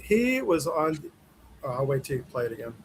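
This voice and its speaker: A man hosts a podcast in an enthusiastic, chatty way, his voice a little higher than most men's. A faint noise sits underneath. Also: big pitch swings, fairly quick, low-quality recording. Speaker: podcast host. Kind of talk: casual conversation.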